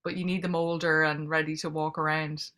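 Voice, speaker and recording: A middle-aged woman with an Irish accent talks candidly and reflectively, answering audience questions over a video call. Her tone is bright and her pitch sits low. She keeps a flat, even melody as she chats. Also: brisk. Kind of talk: casual Q&A conversation.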